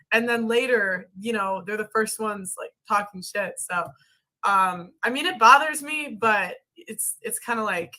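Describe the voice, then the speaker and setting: A woman's voice: medium pitch, sharp tone. A woman guest on a live call, speaking candidly with lots of fillers and restarts. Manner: candid, halting, filler-heavy. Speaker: content creator guest. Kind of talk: casual interview talk.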